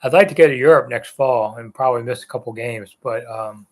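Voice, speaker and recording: Talking a little fast in a medium-pitched voice, a man in his sixties hosts a live sports chat. He rambles conversationally through viewer comments, with frequent uhs and ums.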